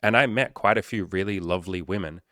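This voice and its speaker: A man with a very low, deep voice talks through a casual solo podcast as a life coach. His delivery is loose, joking and peppered with swearing, wandering off into asides. The sound is dry and close, with no room around it. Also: fast, bright, forceful tone, no echo.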